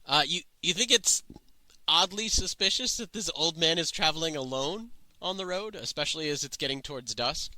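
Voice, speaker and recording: A man running a tabletop game as game master, narrating with lively stumbles. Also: on the high side, normal speed, no room sound, poor audio. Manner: lively, stumbling over words.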